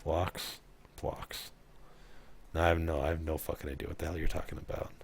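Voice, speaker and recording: A man's voice: extremely low pitch, flat delivery, rapid-fire, gravelly, breathy edge. A man doing casual let's play commentary, sarcastic and profane, talking with his chat while he plays. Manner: profane, sarcastic, chatting with viewers. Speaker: streamer playing a game.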